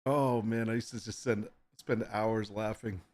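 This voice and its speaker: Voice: mid-range voice, fairly even intonation, a little slow, a little mellow. A live-stream host in casual chat, reading viewer requests aloud and often laughing while reacting to photos.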